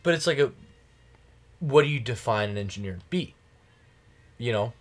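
A man's voice: medium pitch, lively intonation, normal speed, faint music behind. A man hosting a podcast, chatting casually in a rambling, jokey way with a friend. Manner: rambling, jokey, laughs often. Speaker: podcast host. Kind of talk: casual chat.

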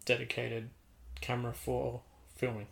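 A man's voice: medium pitch, monotone, a little slow, gravelly. A man who makes indie films talking casually, laid-back, with lots of "like" and restarts. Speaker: indie filmmaker. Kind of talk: casual chat.

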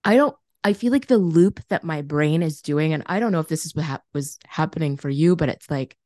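Brief: woman co-host, low voice, exclamatory and self-deprecating, dry close mic. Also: brisk, warm tone, no echo. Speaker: podcast co-host. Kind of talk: casual chat.

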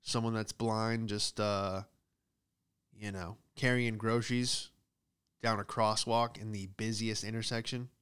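A man's voice: on the low side, flat delivery, measured pace, a bit bright, clean tone. A man doing a casual, profane comedic monologue, riffing with exaggerated bits about everyday hassles. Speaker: comedian host.

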